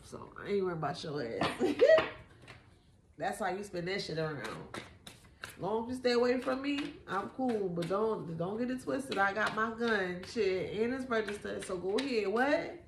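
A woman's voice: mid-range voice, lively intonation, moderate pace, background noise. Woman doing a tarot reading, cusses a lot, laughs, kinda echoey room. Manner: blunt, profane, mocking, laughs often. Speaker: tarot reader.

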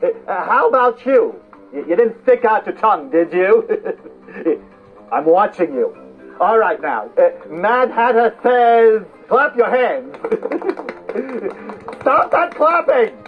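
Mad Hatter, a giggling scatterbrain. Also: male voice, lively intonation, slow pace. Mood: giggly. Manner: giggling, fussy and scatterbrained, fluttering pitch. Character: giggly eccentric male Mad Hatter hosting games. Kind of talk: theme-park character show with children. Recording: tinny lo-fi recording with faint music.

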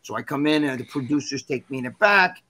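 A man guest in an interview, telling a story in a rambling, animated, profane way. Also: medium pitch, quick pace. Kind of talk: casual storytelling.

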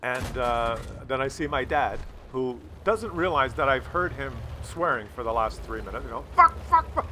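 A man's voice: medium pitch, moderate pace, few pauses, a little hiss or hum. A man casually telling a funny family story while playing a game, acting out the people in it. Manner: animated, acts out the people in his story. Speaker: gaming video creator. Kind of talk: casual storytelling over gameplay.

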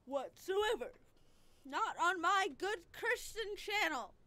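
Woman gamer cussing at her game, high voice, talks slow between rants. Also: lively intonation, bright, forceful tone, dry recording. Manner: exasperated, cursing at the game. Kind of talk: let's-play commentary.

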